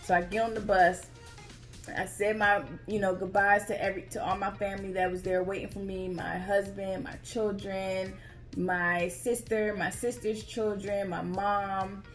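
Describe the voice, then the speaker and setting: A woman vlogger casually telling her own story to viewers in a chatty, expressive way, calling them y'all. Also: medium pitch, unhurried, faint music behind.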